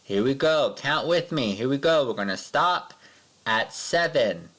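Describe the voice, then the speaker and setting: A man teaching a math lesson to young children, patient and sing-song, counting along slowly with his pupils. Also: medium pitch, animated, fairly bright tone.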